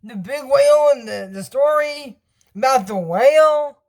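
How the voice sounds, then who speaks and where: Chatty cartoon recapper, rambling, lively up-and-down voice, trails off. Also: sits high, unhurried. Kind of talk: casual episode recap and commentary.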